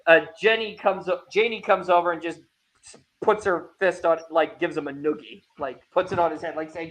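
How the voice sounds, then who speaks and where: A man with a fairly high speaking voice hosts a relaxed anime discussion. He retells episodes with lively energy and acts out the characters' dialogue as he goes. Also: normal speed. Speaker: podcast host. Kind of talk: casual anime review chat.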